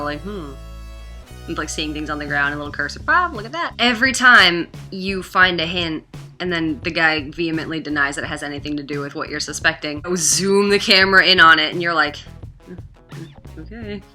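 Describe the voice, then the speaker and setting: A woman's voice: low voice, pushed and bright. A young woman casually reviewing a game, chatty and blunt, filling her talk with "like" and "you know" and the odd swear. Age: young adult.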